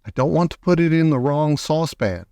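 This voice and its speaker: A man's voice: on the high side, expressive, brisk, warm tone, clear, resonant tone, no echo, voice pushed up. A man reading aloud and voicing a clever young boy, turned into a mouse, speaking earnestly.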